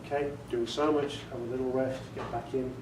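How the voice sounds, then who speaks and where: A man's voice: mid-range voice, little pitch movement, fairly quick, noisy background. A man giving a casual workshop talk on audiobook narration, chatty and self-amused, laughing often and demonstrating inflections. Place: meeting room before a group. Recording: echoey room, recorded from far off.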